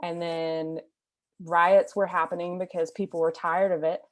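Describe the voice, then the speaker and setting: Woman artist as podcast guest, measured and thoughtful, somewhat low-pitched. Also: little pitch movement. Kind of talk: casual conversation.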